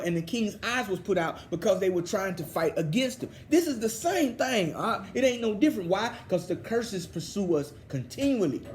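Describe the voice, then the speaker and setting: A man teaching a scripture study, excited and fervent in a preachy way. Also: high-pitched, a little hiss or hum. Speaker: Bible teacher.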